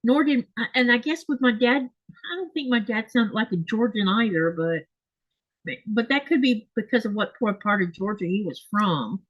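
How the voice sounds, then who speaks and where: A woman's voice: on the high side, animated, moderate pace, muffled recording. A woman in her sixties with a Florida accent, hosting a casual crafting chat, wandering and correcting herself as she goes. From Florida, USA. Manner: rambling, self-correcting with fillers. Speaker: quilting channel host.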